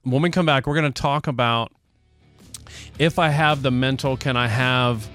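A man's voice: mid-range voice, moderate pace, a bit bright, soft background music. An older man co-hosting a recovery radio show in a studio, talking in a folksy, rambling way and asking leading questions. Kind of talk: casual recovery podcast chat.

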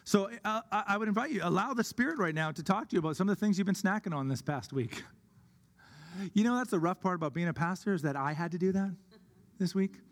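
A man delivers a sermon from the pulpit, earnest and deliberate, stretching out his key words. His voice sits a little higher than most men's. The long reverb of a church hall trails after every phrase. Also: expressive. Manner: earnest, slows down for emphasis. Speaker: pastor.

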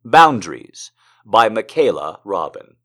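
Guy reading poetry then riffing on it, voice jumps all over, slow and dramatic then quick and sweary. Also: on the low side. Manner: swings between slow dramatic recitation and fast excited banter; profane and joking between poems. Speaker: poetry reader. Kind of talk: casual poetry reading with commentary.

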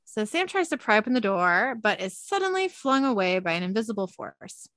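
A woman's voice: mid-range voice, very animated, brisk, fairly bright tone, no echo. A woman host animatedly recapping a TV episode in casual narration, laughing often.

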